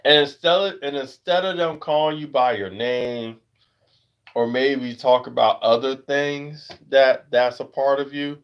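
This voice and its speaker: An American man hosting a casual livestream chat. He rambles with lots of fillers and jumps into high-pitched voices when he acts out other people. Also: unhurried, clear, resonant tone, dull audio. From United States. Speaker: livestream host.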